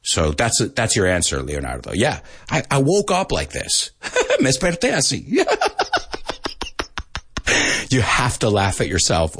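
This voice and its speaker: A man hosting a casual live English lesson, joking and laughing often at himself and spelling out letters slowly. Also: on the low side, a bit bright, slightly rough, no room sound, clean studio sound. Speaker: live-stream host teaching English.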